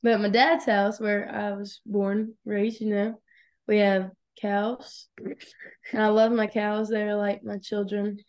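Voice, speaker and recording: A woman's voice: medium pitch, level tone, slow pace, darkish tone. Laughing young woman from Georgia. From Georgia, USA. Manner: laughing, chatty, easygoing. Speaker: guest athlete. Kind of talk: casual podcast chat.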